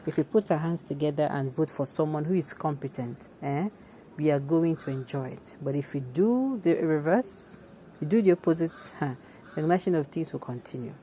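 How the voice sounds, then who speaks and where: A Nigerian woman with a low, mellow voice hosts an opinionated news commentary show. She talks emphatically and conversationally, breaking off into asides and restarting her sentences. A faint hum of noise sits under her voice. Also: moderate pace. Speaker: commentary host.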